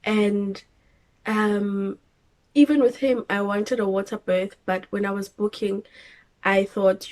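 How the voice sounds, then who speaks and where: A young woman with a South African English accent tells a personal story in a lively, casual way. She slips into acted voices and laughs at herself, and her pitch sits at a middle level for a woman. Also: slow pace. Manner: animated, acts out her own screams and quotes with laughter. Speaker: vlogger telling her birth story.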